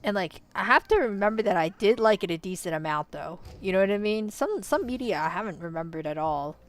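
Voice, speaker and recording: A woman in a casual, rambling commentary, full of "you know"s and self-corrections, swinging between quiet musing and loud outbursts. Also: mid-range voice, animated, fairly quick. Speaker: vlogger.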